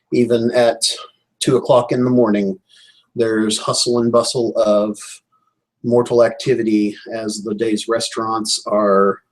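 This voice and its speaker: A man narrating as game master of a tabletop role-playing game, describing scenes in a measured, descriptive way. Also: on the low side, rough recording.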